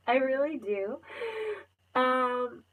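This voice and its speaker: A woman's voice: high voice, drawn-out words, low-quality recording. Chatty young woman on a livestream. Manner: rambling, laughs often, many fillers. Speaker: livestream host. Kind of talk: casual livestream chat. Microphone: phone.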